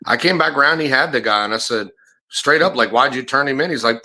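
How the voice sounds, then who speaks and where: Profane storytelling man, bright voice. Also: medium pitch, brisk. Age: middle-aged. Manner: profane, animated storyteller acting out quotes. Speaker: former bounty hunter; podcast host. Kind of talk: casual storytelling chat.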